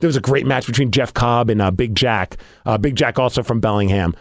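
A man hosting a podcast, telling a story in a casual, animated way and acting out his own reactions. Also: medium pitch, fairly quick, no room sound, studio quality. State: losing his voice. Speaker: podcast host.

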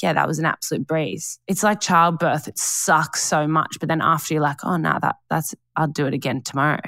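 Low-voiced chatty woman. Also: a bit bright, no echo. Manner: chatty, slangy, laughs often. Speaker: podcast co-host. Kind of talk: casual chat.

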